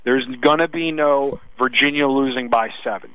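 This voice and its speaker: A man co-hosting a sports radio show, pushing his betting picks in quick, insistent bursts. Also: mid-range voice, sharp tone, smooth, dry recording, poor audio. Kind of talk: casual sports betting talk.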